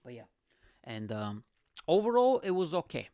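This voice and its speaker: Gravelly man telling stories. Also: fairly high pitch, normal speed, no room sound, studio quality. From Bulgaria. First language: Bulgarian. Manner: animated, swears a lot, laughs often. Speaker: podcast host. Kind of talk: casual storytelling monologue.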